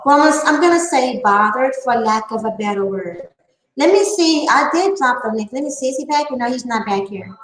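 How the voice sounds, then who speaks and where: A woman's voice: expressive, fairly bright tone, reverberant, low-quality recording. A woman with a Southern twang, talking defiantly and emphatically to her viewers in a casual vlog. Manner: fast, high-pitched twangy talk, defiant and emphatic. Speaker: channel host.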